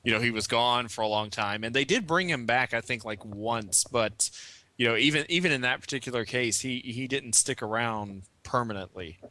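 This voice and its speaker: A man's voice: medium pitch, normal speed, sharp tone, no room sound. A man with a Southern US accent co-hosting a casual chat, explaining his views earnestly at length.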